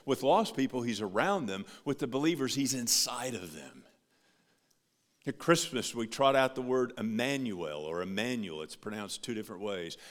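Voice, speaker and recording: Male pastor, sermon, lively swooping pitch, long hall reverb. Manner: preaching with big rises and soft drops.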